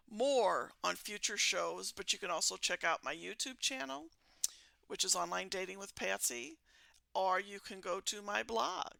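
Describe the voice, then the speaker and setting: A woman's voice: medium pitch, vocal fry, sharp tone, dry recording. An older woman hosting a podcast, chatting casually with a sarcastic, amused edge. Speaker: podcast host.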